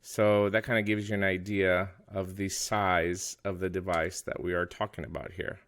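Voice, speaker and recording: A man from the United States talks through a small device in a casual video review. His voice sits low. He is chatty and pokes fun at himself. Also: flat delivery, moderate pace, a bit bright. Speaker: product reviewer.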